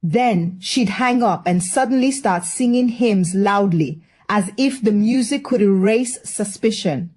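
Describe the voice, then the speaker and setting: A woman's voice: medium pitch, unhurried, hardly any pauses, a little mellow. A woman telling a scripted story in a wry, gossipy manner.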